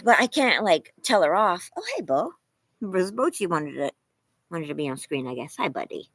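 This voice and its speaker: A young woman from California chatting casually on a livestream from her home, animated and laughing often as she thanks viewers by name. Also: lowish voice, normal speed, dry recording, low-quality recording. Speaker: livestream host.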